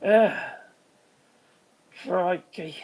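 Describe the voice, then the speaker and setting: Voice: mid-range voice, drawn-out words, darkish tone. A live stream host giving rambling commentary, swearing freely and trailing off while hunting for names.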